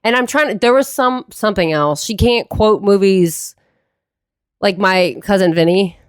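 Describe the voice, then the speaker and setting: A woman co-hosting a casual chat show, laughing often as she tells lively stories about her family. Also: mid-range voice, normal speed, smooth, no room sound, clean studio sound. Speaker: podcast co-host.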